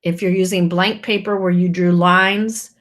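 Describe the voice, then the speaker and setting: Slow, lower-voiced teacher dictating spelling words. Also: female voice, fairly even intonation, fairly bright tone. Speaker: first grade teacher.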